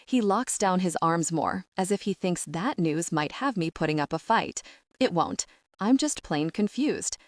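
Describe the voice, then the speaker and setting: Low-voiced woman reading a romance audiobook. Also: expressive, measured pace, no echo, studio quality. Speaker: audiobook narrator. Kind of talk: first-person audiobook narration.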